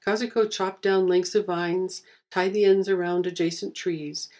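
A woman reading a fantasy story aloud with steady, wry narration. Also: on the low side, moderate pace.

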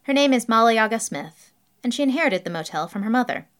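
A woman's voice: fairly high pitch, lively intonation, brisk, a bit bright. A woman narrating a whimsical story in a dry, matter-of-fact reading.

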